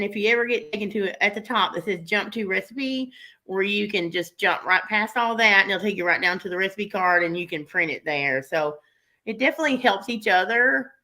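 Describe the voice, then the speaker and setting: A woman's voice: mid-range voice, bright, forceful tone. A middle-aged woman with a country-sounding American accent, a food blogger chatting casually as a guest, rambling and laughing often. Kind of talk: casual interview chat.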